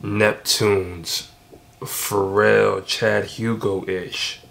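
A man giving excited, emphatic casual commentary while reacting to a song. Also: fairly low pitch, extremely slow, vocal fry. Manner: excited, emphatic, repeats himself. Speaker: music reaction vlogger.

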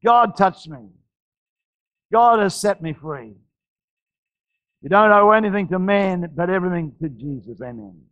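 A man's voice: high voice, measured pace, long pauses, fairly bright tone, dry recording, muffled recording. A man with an Australian accent preaching a sermon as pastor, urging his listeners with repeated phrases and frequent restarts. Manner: repetitive, exhorting, stammering restarts.

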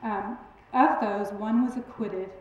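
A woman with a twang giving a public lecture in a lively, emphatic, friendly storytelling way. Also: medium pitch, takes it slowly, dull audio, a little hiss or hum. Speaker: guest lecturer. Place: large lecture hall. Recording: very echoey hall recording.

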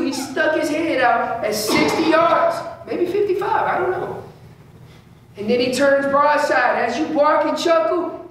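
A man's voice: extremely high pitch, fairly bright tone. A man giving an informal elk-calling seminar in a large indoor store space. He repeats key phrases, voices what the elk are thinking, and uses casual slang. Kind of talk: informal hunting seminar talk. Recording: echoey room, speaker far from mic, faint hum.

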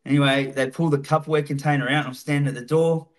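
Aussie bloke yarning away on a podcast, bit of a higher voice, swears a lot. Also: male voice, steady tone, fast. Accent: Australian. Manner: swears freely, laid-back. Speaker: podcast guest. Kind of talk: casual storytelling.

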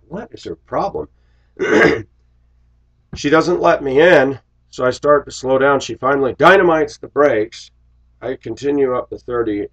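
Deep husky man, blunt storyteller. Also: a bit bright, muffled recording. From Los Angeles, USA. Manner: blunt, opinionated, often clears his throat. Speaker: bus driver. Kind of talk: casual storytelling monologue.

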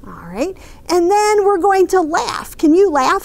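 A woman children's librarian reading a picture book aloud and talking to little ones in a gentle sing-song way. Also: very high-pitched, very animated, a little slow, vocal fry.

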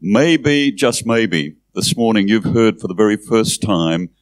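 Low-voiced male pastor, dry close sound, earnest invitation to the congregation. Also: expressive, unhurried, no room sound. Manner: inviting, earnest, with repeated phrases. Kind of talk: altar call.

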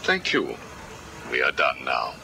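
Hugo Strange, a very deep, slow, menacing villain. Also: male voice, huge pitch swings, gravelly, background noise, exaggerated voice. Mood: menacing calm. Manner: slow, measured, coolly menacing interrogation. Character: cold calculating male villain psychiatrist, middle-aged. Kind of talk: video game cutscene acting. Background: background music.

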